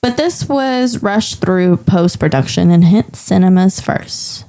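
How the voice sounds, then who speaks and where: A woman's voice: on the low side, slow pace, warm tone. Woman reading movie trivia on a podcast. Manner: reads trivia facts, laughs easily. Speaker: podcast co-host. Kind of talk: casual movie podcast chat.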